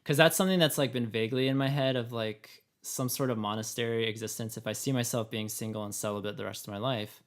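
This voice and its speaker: Man, raspy voice, casual podcast chat, rambling, lots of "like". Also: medium pitch, fairly even intonation, quick pace, hardly any pauses. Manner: rambling, many fillers and laughs. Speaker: podcast co-host.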